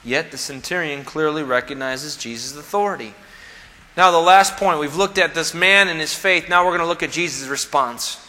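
Bright-voiced preacher in a reverberant hall. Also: male voice, fairly high pitch, moderate pace. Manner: emphatic, acts out quoted voices. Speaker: pastor. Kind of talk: sermon.

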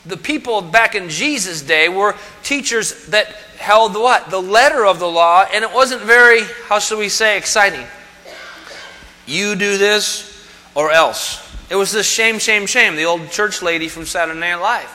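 A man's voice: sits high, moderate pace, hardly any pauses, sharp tone, long reverb tail. A man preaching a sermon as pastor, conversational and full of rhetorical questions.

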